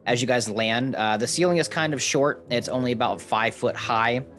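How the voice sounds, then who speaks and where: Casual male game master, rambling descriptive narration, soft music underneath. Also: medium pitch, normal speed.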